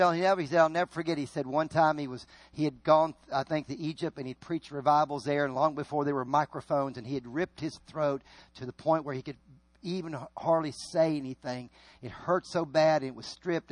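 A man preaching a sermon, telling stories that swing from loud, emphatic peaks to hushed asides. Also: fairly high pitch, no room sound. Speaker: pastor.

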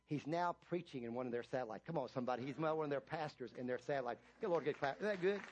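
A man, a pastor, preaching a sermon, retelling a story with many restarts and building to loud emphatic reading of scripture. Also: mid-range voice, racing, highs cut off, a little hiss or hum. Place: church.

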